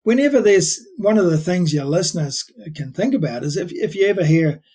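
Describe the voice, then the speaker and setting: A man's voice: sits high, expressive, a little fast, a little mellow, breathy edge. An older man, a podcast guest chatting and telling stories in a rambling way, full of restarts. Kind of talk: casual storytelling chat.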